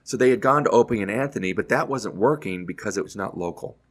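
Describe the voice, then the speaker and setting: A middle-aged man, a radio host, telling casual anecdotes in an animated way and acting out other people's lines. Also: on the low side, fast, breathy edge. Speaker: radio host telling his career story.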